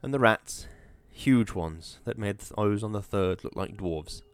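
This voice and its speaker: A man reading an audiobook in a measured, atmospheric storytelling manner. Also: fairly low pitch, animated, no room sound. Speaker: narrator. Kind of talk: audiobook narration.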